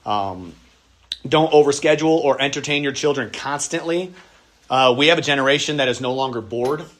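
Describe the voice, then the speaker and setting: A man's voice: medium pitch, moderate pace, a bit bright. A man, a pastor, teaching a church workshop on parenting in a casual, conversational way, now and then acting out the voices of kids and parents.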